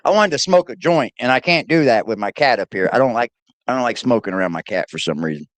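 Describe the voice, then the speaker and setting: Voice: mid-range voice, expressive, fast talker. A reaction-stream host, giving casual, profane, mocking commentary over a clip.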